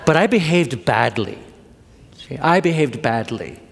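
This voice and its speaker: A middle-aged man delivers a Sunday talk from the pulpit, confessional and conversational, turning to the congregation with playful questions. His voice sits at an ordinary middle pitch. It rings out into a sanctuary with a long reverb tail. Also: sing-song, a little slow, vocal fry, slight background noise. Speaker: minister. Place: church sanctuary.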